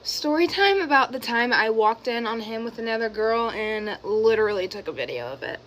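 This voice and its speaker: A teenage girl telling a casual storytime in a chatty, quick, matter-of-fact way. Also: on the high side, lively intonation, fairly bright tone, a little hiss or hum, low-quality recording. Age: teens.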